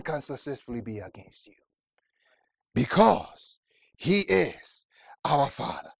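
A man's voice: medium pitch, big pitch swings, slow, vocal fry, long pauses, breathy edge, dry recording. A man preaching a sermon, fervent, with rising repeated calls. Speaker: pastor.

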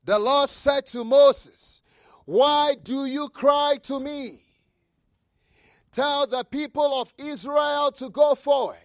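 A man preaching a fervent sermon, repeating phrases, shouting key lines and reading scripture aloud. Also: very high voice, slow pace, no echo, clean studio sound. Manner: reads scripture aloud and comments with asides.

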